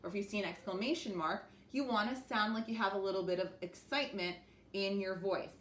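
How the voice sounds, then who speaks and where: A woman teaching a phonics lesson to young children, speaking slowly and clearly and encouraging them. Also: medium pitch, a bit bright. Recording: echoey room with faint noise.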